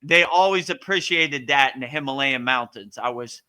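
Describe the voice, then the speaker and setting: Yoga teacher guy chatting casually, bright edgy voice, lots of "you know" and "like". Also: medium pitch, normal speed, clear, resonant tone. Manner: loose, rambling, full of "you know" and "like"; earnest and emphatic. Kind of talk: casual spiritual Q&A talk.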